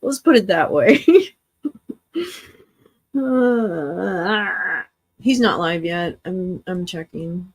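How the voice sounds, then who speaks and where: Her pitch is fairly low, and she draws out her words with long pauses in between. She's a weary livestream host rambling through casual chat with viewers, frequently cursing and laughing.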